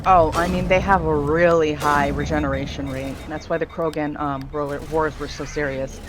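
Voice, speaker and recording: A woman's voice: deep voice, steady tone, moderate pace. A woman co-streaming a game who talks in a blunt, casual way and swears freely. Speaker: co-streamer reading chat. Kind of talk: casual live-stream chat.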